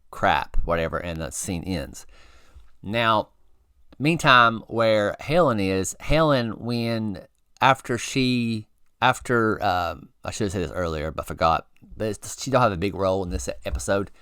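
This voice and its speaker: A man's voice: sits low, smooth, dry recording, studio quality. A man hosting a review channel, recapping a TV episode in a rambling, friendly way with lots of fillers. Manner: rambling, many fillers and restarts; relaxed and friendly. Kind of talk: casual spoken episode recap.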